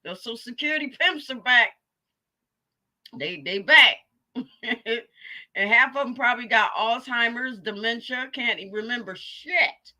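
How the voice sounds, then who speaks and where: A woman hosting a casual live stream, trading crude jokes and laughing often. Her voice sits a touch high and rings bright and forceful. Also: a little slow. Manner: laughing, profane, joking commentary. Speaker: livestream host. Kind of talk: casual comedic chat.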